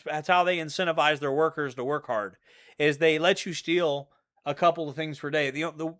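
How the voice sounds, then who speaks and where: A man's voice: fairly high pitch, a bit bright. A man telling rambling, profane stories in a casual monologue, often repeating himself. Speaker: channel host.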